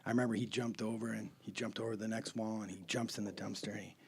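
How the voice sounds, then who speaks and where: A man's voice: lowish voice, steady tone, quick pace, vocal fry, slightly rough. A middle-aged man, a comedian, telling a profane story in a rowdy, swearing, laughing way. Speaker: comedian guest.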